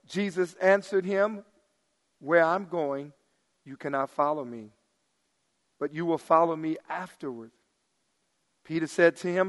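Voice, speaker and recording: A middle-aged male pastor preaching in a high-pitched, lively voice. He swings between loud, emphatic bursts and quiet, hushed asides. His sermon rings out with a long reverb, as in a church sanctuary. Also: measured pace, pauses often.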